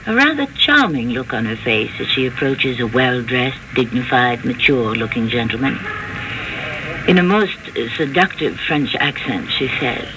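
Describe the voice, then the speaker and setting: A man hosting and narrating a radio mystery drama in a measured storytelling manner. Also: mid-range voice, sing-song, noisy background.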